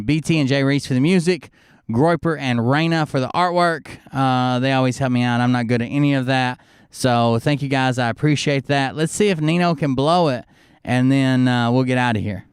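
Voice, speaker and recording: A man's voice: mid-range voice, clear, resonant tone, no room sound, studio quality. A man hosting a livestream, chatting casually as he wraps up, rambling and cursing loosely. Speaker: livestream host. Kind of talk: casual end-of-stream chat.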